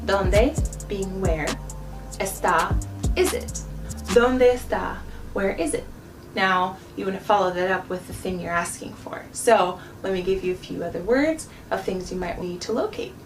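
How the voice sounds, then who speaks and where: A woman giving a patient travel-vlog language lesson, repeating each word slowly for the viewer to practice. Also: mid-range voice. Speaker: language teacher. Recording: distant mic with background music.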